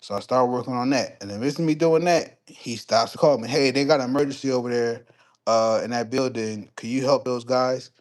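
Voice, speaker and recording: A man's voice: mid-range voice, darkish tone. A man on a live stream casually telling a story and answering chat, swearing freely and getting heated. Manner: profane, heated when retelling conflicts, quick asides to chat.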